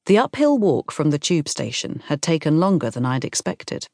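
A woman reading a first-person novel aloud in a calm, measured storytelling manner. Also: deep voice, no echo, studio quality. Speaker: audiobook narrator. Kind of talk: scripted first-person narration.

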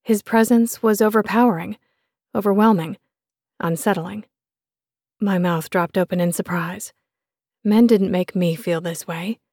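A woman narrating a first-person romance novel in a measured, expressive reading voice on a close studio mic. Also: mid-range voice, dry recording. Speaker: audiobook narrator.

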